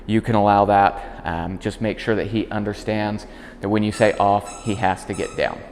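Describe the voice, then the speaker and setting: A man working as a dog trainer, explaining commands in a calm instructional demonstration. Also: normal speed, big-room sound, a little hiss or hum. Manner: calm explaining, high-pitched praise to the dog.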